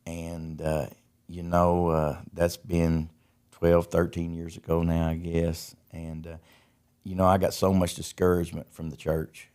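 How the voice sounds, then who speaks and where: Middle-aged man, podcast guest, deep low voice, rambling folksy storyteller. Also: monotone, measured pace, a little mellow, clean tone. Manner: folksy, repeats words as he tells stories. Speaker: podcast guest, recovery ministry founder. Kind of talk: casual testimony storytelling.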